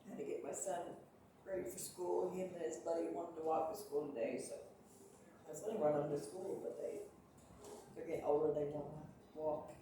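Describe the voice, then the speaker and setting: Woman gamer, sleepy and halting, distant mic in an echoey room with steady noise. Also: low-pitched. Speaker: gamer playing a horse racing game. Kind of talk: casual gameplay commentary. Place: home.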